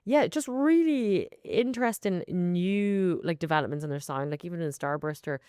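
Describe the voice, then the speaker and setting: A woman co-hosting a music podcast, chatting casually in quick bursts. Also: lowish voice, darkish tone, clear, resonant tone, no echo, clean studio sound. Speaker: podcast co-host. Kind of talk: casual chat about music.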